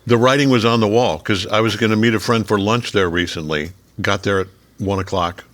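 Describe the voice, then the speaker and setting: Very deep-voiced man in his seventies. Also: brisk. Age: 70s. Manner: relaxed storytelling, drops low and quiet on reflective moments. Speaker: guest. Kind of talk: casual chat over a meal.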